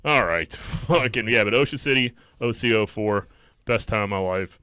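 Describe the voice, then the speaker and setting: A man's voice: fairly low pitch, moderate pace, clear, resonant tone, no echo. A man co-hosting a podcast in casual crude chat, swearing often and laughing through his stories. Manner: swears a lot, animated, laughs while telling stories. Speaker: podcast co-host.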